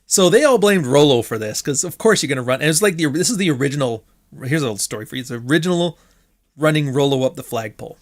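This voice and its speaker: A man's voice: fairly high pitch, expressive, fast talker. A man hosting his podcast, telling a story in a casual monologue, swearing freely, laughing often and acting out what others said. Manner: profane, sardonic, laughs often, acts out quotes. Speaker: podcast host.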